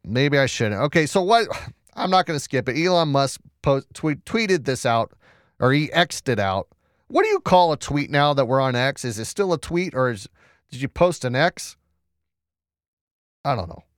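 A man's voice: medium pitch, very animated, moderate pace, clear, resonant tone, dry recording, studio quality. Sarcastic man riffing on the news. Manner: chatty, sarcastic, stumbling restarts, reads screen aloud. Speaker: commentary show host. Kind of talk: casual news commentary.

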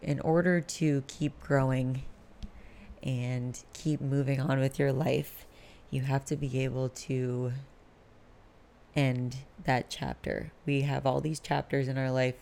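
Gravelly-voiced woman in her late twenties. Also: a bass voice, flat delivery, takes it slowly, warm tone. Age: late 20s. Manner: candid and rambling, frequent swearing. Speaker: podcast host. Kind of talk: late-night solo podcast monologue.

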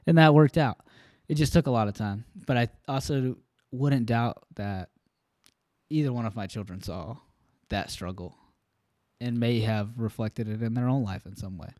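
A man's voice: mid-range voice, moderate pace, darkish tone, no room sound, studio quality. A man co-hosting a faith podcast, talking in an earnest, rambling way with plenty of fillers. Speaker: podcast co-host. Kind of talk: casual faith talk.

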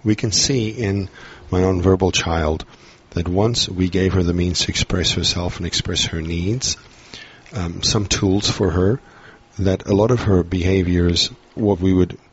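A man's voice: low voice, steady tone, a little slow, slight background noise. A man, a guest on a parenting podcast, talking at length in a reflective, explaining way. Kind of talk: earnest podcast conversation. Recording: dull lo-fi audio.

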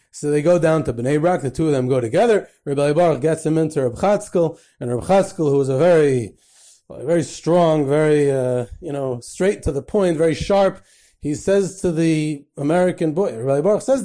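A male podcast host telling anecdotes in a mellow, fairly high voice. He pauses with "uh" and "um" and mixes in Yiddish phrases. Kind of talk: storytelling talk.

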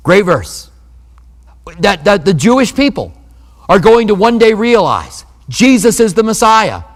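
A man's voice: high voice, very animated, measured pace, in a large hall. A man preaching a sermon as pastor, in a conversational manner with humorous asides.

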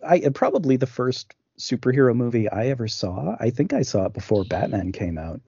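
A man's voice: mid-range voice, animated, a little fast, dark tone, husky, no room sound, muffled recording. A man co-hosting a podcast, chatting casually about films, with many fillers and restarts. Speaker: podcast co-host. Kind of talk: casual film discussion.

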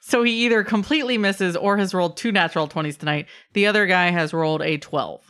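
Low-voiced woman running a tabletop game. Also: fast talker, a bit bright. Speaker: game master.

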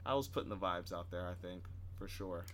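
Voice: low voice, a little fast, fairly bright tone, a little hiss or hum. A podcast co-host in casual chat, rambling and hesitant, often breaking off and restarting sentences.

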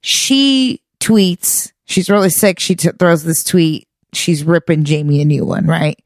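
A woman co-hosting a podcast in casual chat, animated and laughing often as she tells stories. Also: low voice, unhurried, no echo. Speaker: podcast co-host.

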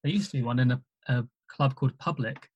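Speaking quickly at a medium pitch, a comedian casually recounts his gigs with modest self-deprecation and frequent chuckles. The high frequencies in the audio are cut off.

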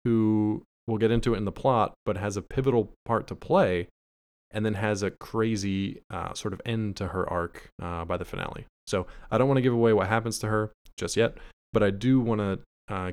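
A man with a somewhat low voice, chatting casually on a podcast while reviewing a show. He is easygoing and agreeable, and he often chuckles along with his co-host. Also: fairly even intonation, fairly quick, a little mellow.

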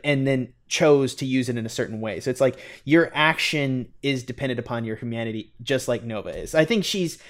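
A man hosting a podcast chats casually about films. He rambles, piling up fillers as he talks. His voice sits at an ordinary middle pitch. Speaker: podcast host. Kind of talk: casual chat and host-read ad.

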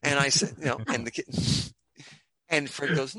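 A man guesting on a podcast, telling long stories and jokes in a loud, theatrical, rambling way. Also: medium pitch, moderate pace, dry recording. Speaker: comic creator and guest. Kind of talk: animated storytelling and joke telling.

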